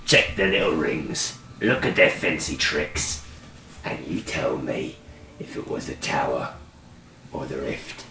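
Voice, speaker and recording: A man's voice: extremely low pitch, slow pace. A man voicing a sly, teasing pipe-smoking woman who calls everyone love, recorded from a distant mic in a roomy space with faint hiss.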